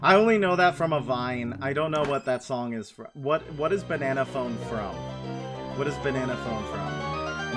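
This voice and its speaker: A man's voice: mid-range voice, lively intonation, normal speed, over loud music. A man casually commenting on a game as a streamer, playful and prone to sing-song bits. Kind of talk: casual let's-play commentary.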